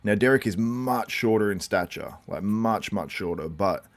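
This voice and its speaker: A man's voice: on the low side, normal speed. A man hosting a live watchalong stream, chatting loosely and reacting to viewer comments as he talks things through. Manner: loose and rambling with frequent fillers. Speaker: host.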